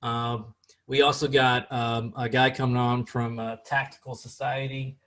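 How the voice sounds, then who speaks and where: A man's voice: medium pitch, level tone, unhurried, a bit bright. A man hosting a casual podcast chat, rambling with many fillers and restarts. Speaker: podcast host.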